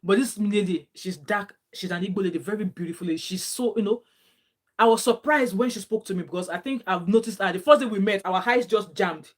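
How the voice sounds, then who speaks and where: A woman's voice: mid-range voice, a little fast. A young adult woman from Nigeria with a Nigerian accent, chatting casually as a vlogger, telling stories and mixing in Pidgin phrases. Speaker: vlogger reading viewer comments. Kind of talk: casual chat.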